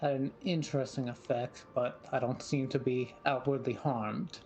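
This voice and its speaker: A man playing a tabletop game, calmly thinking out loud about his character's moves. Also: medium pitch, moderate pace, a little hiss or hum, poor audio. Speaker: player. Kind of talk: casual game chat.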